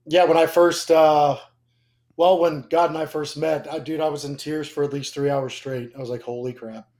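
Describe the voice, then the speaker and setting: A man's voice: fairly high pitch, level tone, moderate pace, a little mellow. A young man sharing a personal faith testimony in casual conversation, emotional and rambling, with frequent fillers and restarts. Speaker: guest.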